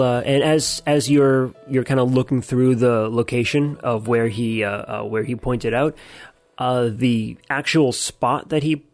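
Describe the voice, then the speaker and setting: A man's voice: mid-range voice, no echo. A man narrating as game master of a tabletop role-playing game, with frequent fillers and restarts. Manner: hesitant, filler-heavy narration.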